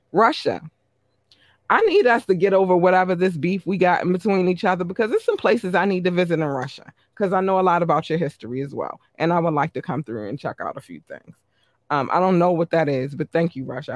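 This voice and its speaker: A man hosting his podcast, reading out listener shout-outs in a chatty, upbeat way. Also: fairly high pitch, dry recording. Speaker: podcast host.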